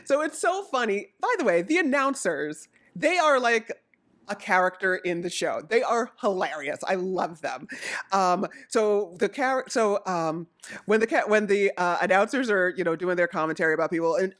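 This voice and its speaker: A woman from Jamaica chatting casually about wrestling, rambling and excitable as she jumps from topic to topic. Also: mid-range voice, moderate pace. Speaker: wrestling recap vlogger. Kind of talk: casual chat.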